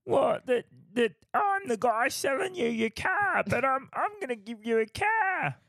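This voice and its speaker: A man voicing a chatty, easily offended used-car seller, in a high, gravelly put-on voice. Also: big pitch swings, unhurried, fairly bright tone, no room sound, full character voice. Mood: huffy.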